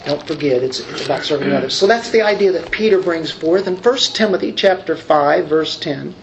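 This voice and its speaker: In a slightly high, creaky voice, a preacher talks through his sermon conversationally, stretching important words and trailing off into side remarks amid fillers and restarts. The rough recording has a little hiss or hum.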